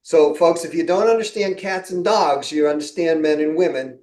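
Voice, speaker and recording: A man's voice: fairly high pitch, moderate pace, darkish tone, reverberant, rough recording. A middle-aged man hosting a podcast, telling stories in a casual way and acting out quoted conversations. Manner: storytelling, acts out quoted exchanges with laughs. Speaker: podcast host.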